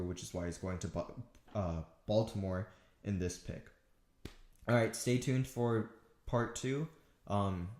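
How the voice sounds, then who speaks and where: A man's voice: on the low side, dark tone, echoey room. A man talking through football draft picks alone, casual and thinking aloud with frequent restarts. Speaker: sports commentator. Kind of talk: solo draft analysis talk.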